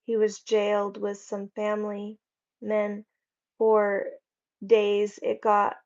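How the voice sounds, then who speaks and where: Slow-talking woman chatting on a livestream. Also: medium pitch, completely flat delivery, lo-fi sound. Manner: chatty, rambling, warm toward viewers. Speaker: livestream host. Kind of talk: casual livestream chat reading comments. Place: home.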